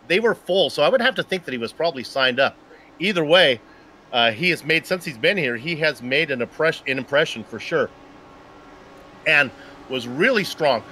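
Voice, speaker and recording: A man's voice: on the high side, pushed and bright, a little hiss or hum. A man co-commentating a sim race, upbeat and joking as he goes through race stats.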